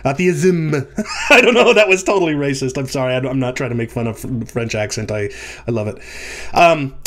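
Male commentator, a bit high-pitched, animated, explaining step by step for a video. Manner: animated, pitch swooping up for emphasis.

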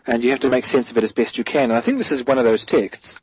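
A man's voice: mid-range voice, fast, husky, no room sound, low-quality recording. A man as a guest theologian, giving a thoughtful explanatory answer in an interview, correcting himself as he goes and stressing key points.

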